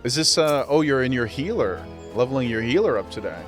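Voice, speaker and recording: A man streaming a game, chatting casually with his viewers, playful and quick to laugh as he talks straight to chat. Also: mid-range voice, animated, faint music behind. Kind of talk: casual live-stream chat while gaming.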